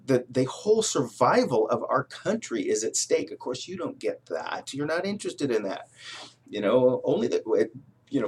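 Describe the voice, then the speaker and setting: A man's voice: medium pitch, slightly rough. A man delivering a rambling, heated political rant to camera, full of fillers and restarts. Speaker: political vlogger.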